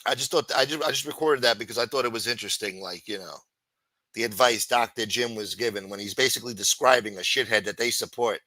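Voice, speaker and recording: A man's voice: mid-range voice, fast, bright, forceful tone, dry recording, rough recording. A man hosting a livestream, ranting heatedly with heavy profanity and sarcasm. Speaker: livestream host.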